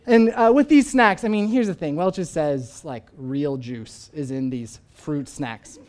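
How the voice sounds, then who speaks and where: A man's voice: high voice, darkish tone. A young man, a pastor, preaching a sermon in a conversational, storytelling way, full of casual asides. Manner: conversational storytelling, uses "like" often.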